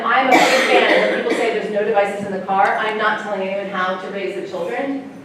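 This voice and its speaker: A woman, a sex educator, giving a chatty, animated talk to parents and often laughing. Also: medium pitch, slight background noise. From United States. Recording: echoey room, mic far off, faint ambience.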